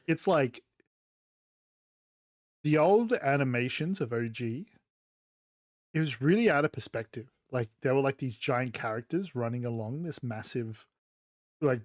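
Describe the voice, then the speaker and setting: A man chatting loosely while playing a game, swearing and telling animated stories. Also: medium pitch, no room sound. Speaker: gaming channel host. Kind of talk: casual chat while playing.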